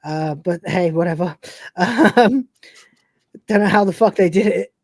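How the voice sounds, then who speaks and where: A woman's voice: lowish voice, unhurried, a little mellow, no room sound. Chatty, profane woman recapping an episode. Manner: rambling, profane and chatty, acting out scenes. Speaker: podcast co-host. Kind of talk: casual live-stream episode recap.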